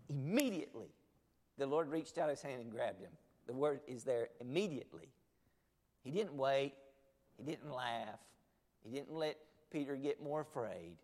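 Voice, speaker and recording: Impassioned preacher in a reverberant hall. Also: male voice, mid-range voice. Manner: impassioned, swings between loud urging and hushed pleading. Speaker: pastor. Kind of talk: sermon. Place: church sanctuary. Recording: long reverb of a large hall.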